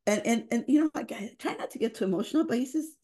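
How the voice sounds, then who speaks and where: A woman's voice: a little high, animated, quick pace, dark tone. A woman leading a family program, telling earnest, emotional stories in a podcast interview and slipping into Spanish phrases. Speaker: family engagement program leader, guest. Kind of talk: heartfelt storytelling in a podcast interview.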